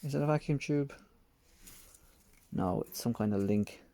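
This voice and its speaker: A man's voice: mid-range voice, a little slow, mellow, dry recording. A man working on a motorcycle in a home workshop, muttering to himself as he goes and poking fun at himself, close to the mic. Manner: mutters to himself while working, wry and self-mocking. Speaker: motorcycle restoration vlogger. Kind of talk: casual workshop commentary. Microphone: close mic while hands are busy.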